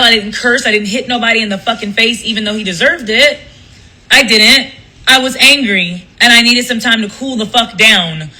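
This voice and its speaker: Her voice sits a little high, pushed and bright, and the audio quality is poor. She's a radio host and live streamer telling a story on a relaxed livestream, cursing emphatically and frequently starting her sentences over.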